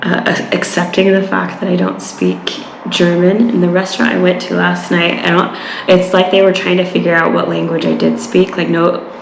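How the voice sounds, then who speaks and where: A woman's voice: lowish voice, completely flat delivery, normal speed, creaky, echoey room, noisy background. A woman from Utah talking casually while out on a walk, rambling with lots of fillers and restarts. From Utah, USA. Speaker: travel vlogger. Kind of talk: casual walking vlog. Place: outdoors on a walk.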